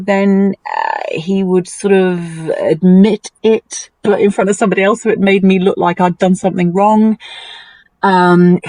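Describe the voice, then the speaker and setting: A woman talks as a guest, her voice swinging up and down as she relives hard memories. The sound is dry and close, with no room around her. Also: dry recording. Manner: animated and emotional, lively pitch swings. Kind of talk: personal storytelling in a conversation.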